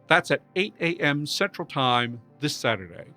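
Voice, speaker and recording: A man's voice: fairly high pitch, very animated, normal speed, sharp tone, soft background music. A man hosting a language video, patiently explaining and demonstrating sounds. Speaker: conlang video host. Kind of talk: explanatory pronunciation lesson.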